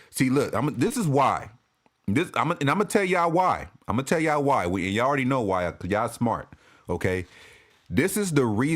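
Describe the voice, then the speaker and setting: A man ranting as a sports fan commentator, profane and animated, often restarting and repeating himself. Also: medium pitch. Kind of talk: ranting vlog.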